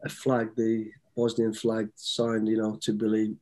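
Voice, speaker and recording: A man's voice: fairly low pitch, completely flat delivery, a little slow, dark tone. A man in his fifties, a guest telling easygoing, rambling stories with frequent restarts. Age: 50s. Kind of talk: casual storytelling interview.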